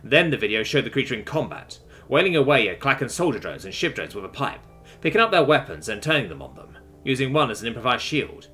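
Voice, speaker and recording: A man narrating a science fiction story in a dramatic, expressive reading. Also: mid-range voice. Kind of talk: scripted audiobook narration.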